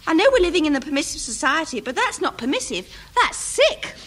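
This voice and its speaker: A woman's voice: high voice, sing-song, a little fast, heavy background noise. An actress playing a prim, indignant young woman in a radio sitcom. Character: prim young woman Angela, nosy neighbour.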